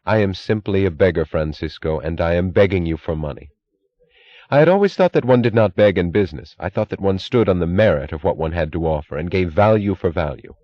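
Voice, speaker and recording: Reading the part of a determined woman railroad executive, a deep-voiced man pleads in restrained, precise words. His delivery is animated and fairly quick, and the recording is dull and dry with no echo.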